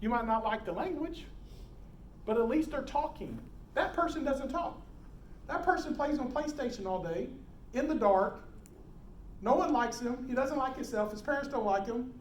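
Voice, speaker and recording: A middle-aged man teaching emergency preparedness to a live audience, animated, quizzing the room and acting out scenes. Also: very high voice, normal speed. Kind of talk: live classroom talk. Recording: roomy hall, distant mic, faint noise.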